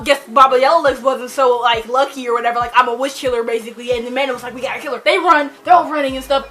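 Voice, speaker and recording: A woman's voice: high-pitched, a bit bright. A young woman rambling casually about a novel she loves, gushing and saying "like" constantly. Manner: rambling, gushing, heavy use of "like". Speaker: book vlogger. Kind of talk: casual book review chat.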